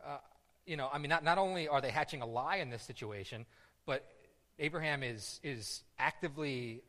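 A man preaching a sermon in a large hall, his voice bright and forceful with a long, echoing reverb around it. He tells the story with life, keeps checking in with "right?", and trips over his own restarts as he goes. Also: medium pitch, moderate pace. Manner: lively storytelling, asks "right?" often, stumbles and restarts.

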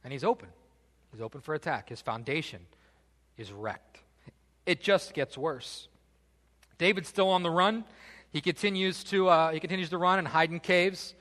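A man preaching a sermon, telling the story in an animated, casual way with joking asides. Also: on the high side, moderate pace, pauses often, big-room sound. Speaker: pastor.

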